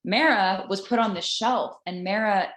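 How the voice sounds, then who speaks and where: A woman sharing a personal spiritual story with a group, earnest and halting, with many restarts. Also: medium pitch, a bit bright. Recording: roomy echoing room.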